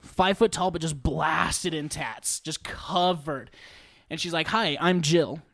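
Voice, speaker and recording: Young male storyteller, high voice, dry close sound, animated slangy delivery. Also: slow pace, vocal fry, dry recording. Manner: animated, slangy, laughs while telling. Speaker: podcast storyteller. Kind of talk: casual story told to friends.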